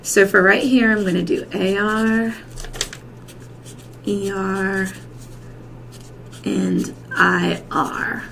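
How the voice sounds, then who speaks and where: Slow, patient woman teaching Spanish. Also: medium pitch, fairly even intonation, creaky, a bit bright, low-quality recording. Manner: slow, patient, repeats and checks with "okay?". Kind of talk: classroom lesson. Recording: faint background noise.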